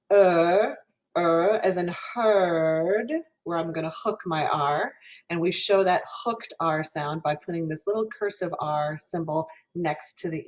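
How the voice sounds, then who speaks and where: Woman lecturing on diction, muffled audio. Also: fairly low pitch. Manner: explains patiently, demonstrates vowel sounds and asks questions. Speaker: music education professor.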